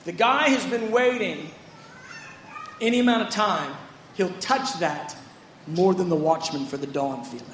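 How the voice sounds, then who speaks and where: Man, pastor, sermon, high-pitched voice, conversational, acts out scripture quotes, echoey room, faint background hum. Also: a little slow, long pauses, fairly bright tone.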